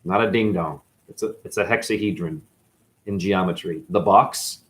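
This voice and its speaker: A man's voice: sits low, normal speed. A man from New England as a spiritual teacher, rambling through a profane monologue that swings between mutters and outbursts. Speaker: spiritual teacher, former dancer.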